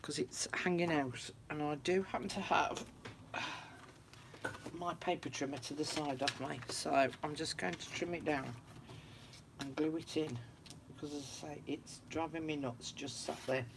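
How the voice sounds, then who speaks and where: A woman's voice: low-pitched, steady tone, unhurried, noisy background. A woman chatting casually to viewers on a craft livestream from her room at home. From United Kingdom. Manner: chatty, talks to viewers, frequent laughs.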